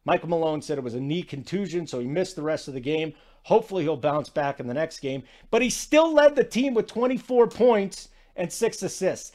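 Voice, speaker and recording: Brief: chatty male sports betting host, slightly high-pitched, energetic and rambling. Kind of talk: casual sports talk.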